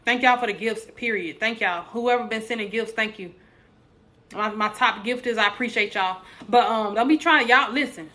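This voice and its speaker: A young woman chats on a live stream, her voice bright and forceful and sitting a little high. She jokes with her viewers and slips into preachy encouragement. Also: normal speed. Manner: animated, preachy, joking with viewers. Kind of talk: casual live stream chat.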